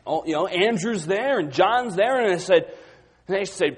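A man preaching a sermon, moving between quiet, low passages and loud, excited retellings of the disciples. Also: moderate pace, husky. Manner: dynamic, swings from quiet to loud and high when acting out the disciples.

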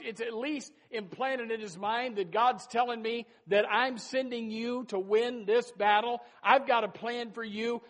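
A man preaching a sermon as pastor, emphatic and folksy, swinging between loud bursts and soft asides and repeating his phrases. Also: extremely high pitch. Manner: folksy, addresses listeners as folks and says amen.

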